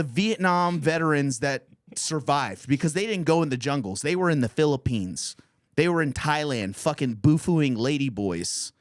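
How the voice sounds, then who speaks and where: A man's voice: a little high, lively intonation, moderate pace, dry recording, clean studio sound. A man in his thirties hosting a podcast, telling a crude comedic story in a profane, rambling way and laughing through his lines. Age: 30s. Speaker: podcast host.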